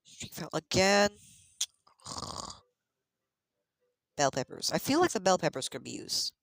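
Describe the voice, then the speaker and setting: Gravelly-voiced streamer muttering through a game. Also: mid-range voice, big pitch swings, slow, a bit bright, dry recording, clean studio sound. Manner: chatty, mutters item names in sing-song repeats. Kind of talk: casual gameplay commentary.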